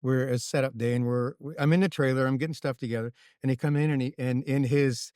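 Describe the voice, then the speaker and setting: A man's voice: medium pitch, fast, clean tone, no room sound, studio quality. A man, a racing crew chief, telling stories as a guest in a casual interview, often restarting and checking in with "right?". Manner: animated storyteller with frequent restarts and "right?".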